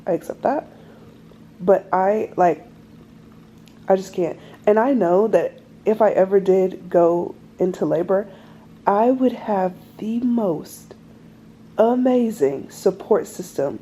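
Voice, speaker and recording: A young woman in her twenties rambles through a casual vlog story, full of fillers and animated asides. Her voice is mellow and warm, sitting at an ordinary pitch. A faint hiss stays under her voice the whole time. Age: 20s. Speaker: vlogger. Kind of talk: casual chat.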